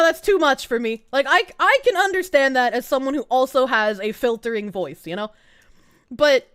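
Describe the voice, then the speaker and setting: Gruff Boston woman, high and lively. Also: no room sound, studio quality. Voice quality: gruff, grating. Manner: blunt and profane, laughs often. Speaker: VTuber streamer. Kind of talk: casual live-stream chat.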